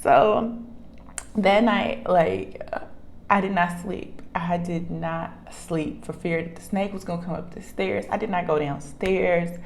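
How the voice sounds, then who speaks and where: A middle-aged woman telling a funny story in a casual vlog, animated, laughing often and restarting her sentences. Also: on the low side, slow, slight background noise. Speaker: vlogger.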